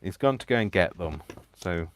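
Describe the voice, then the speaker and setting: A man's voice: low voice, animated, moderate pace, a little hiss or hum. A man hosting a live craft stream, chatty and self-mocking, laughing often as he works. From United Kingdom. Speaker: crafting channel host.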